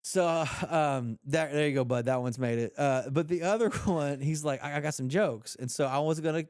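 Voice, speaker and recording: A man's voice: fairly high pitch, moderate pace, smooth, no room sound, studio quality. A man in his thirties co-hosting a podcast, telling stories and jokes in a playful, laughing way. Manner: playful, laughing, retells jokes with quiet storytelling voice. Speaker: podcast co-host. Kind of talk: casual chat.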